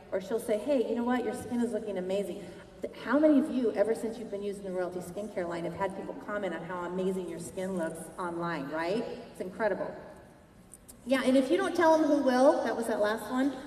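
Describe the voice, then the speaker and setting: A woman giving an energetic motivational keynote at a sales convention. She keeps asking the crowd questions, and her voice is worn from shouting. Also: medium pitch, a little hiss or hum. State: losing her voice. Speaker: sales conference speaker. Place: large convention hall. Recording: echoey hall, voice from far off.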